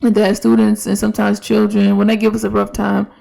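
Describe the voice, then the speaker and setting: Young woman teacher, podcast host, very gravelly voice, even flat delivery, casual reflective talk. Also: mid-range voice, a little fast. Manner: conversational, with many restarts and quoted dialogue.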